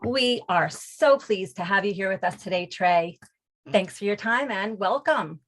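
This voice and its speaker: A woman host reading a soft-spoken introduction of a guest. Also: medium pitch, expressive, measured pace. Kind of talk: scripted introduction.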